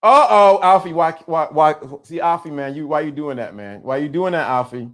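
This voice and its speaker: Animated man hosting a live chat. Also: fairly high pitch, moderate pace. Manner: animated, teasing, laughs often. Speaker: livestream host. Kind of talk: casual live-stream chat.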